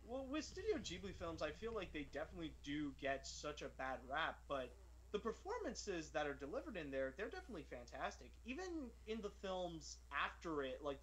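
A man's voice: on the high side, a bit bright, rough recording. A man hosting a podcast, chatting casually about films in a rambling, enthusiastic way full of fillers. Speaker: podcast host. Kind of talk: casual film discussion.

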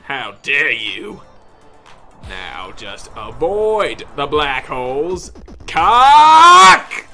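Man, gameplay commentary, bright tense voice, slow drawn-out delivery, frustrated cursing, mock-grand outbursts. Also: mid-range voice, animated, soft background music. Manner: frustrated, yelling and cursing at the game.

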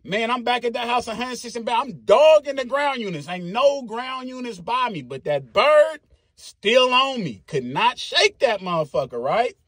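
A man, telling a story casually in a very high, husky voice. He talks in an animated, profane way and makes his own sound effects. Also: normal speed, no echo, clean studio sound.

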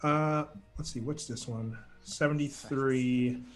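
A young man playing in a tabletop game, talking in a casual, halting way with restarts. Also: medium pitch, fairly even intonation. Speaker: player.

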